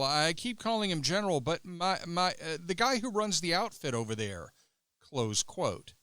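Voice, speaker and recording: Bright, sarcastic male podcast host. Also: on the high side, no room sound. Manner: sarcastic, mocking delivery. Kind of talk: scripted political commentary.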